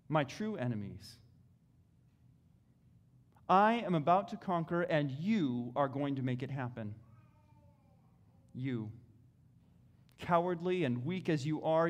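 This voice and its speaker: A preacher playing a calm divine king who speaks low and hushed, addressing his listener directly and deliberately. The voice sits a little high for a man, with the pitch swinging widely between soft drops and rises. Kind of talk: dramatic first-person sermon monologue.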